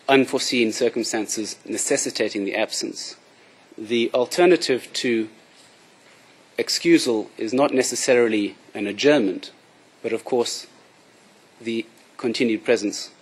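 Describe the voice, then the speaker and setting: A man making a formal, measured courtroom submission as prosecution counsel. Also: on the low side, breathy edge.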